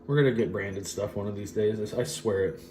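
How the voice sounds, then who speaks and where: A man's voice: on the low side, fairly quick, warm tone. A man co-hosting a show, chatting casually with rambling asides while he mixes a cocktail at home in a farmhouse. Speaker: co-host making a cocktail. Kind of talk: casual chat, cocktail demo.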